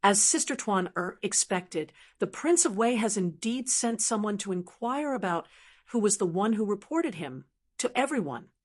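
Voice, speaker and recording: A servile palace eunuch answers softly and begs for mercy, as a woman narrator voices him. His tone stays meek and fawning, an audiobook servant eager to please. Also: medium pitch, expressive, moderate pace, close to an everyday voice. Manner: soft, servile, pleading.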